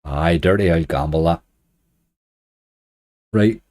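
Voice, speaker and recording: A man's voice: low-pitched, slow pace, a little mellow. A man with a Northern Irish accent giving chatty running commentary as a slots streamer, grumbling at the game and chatting to viewers.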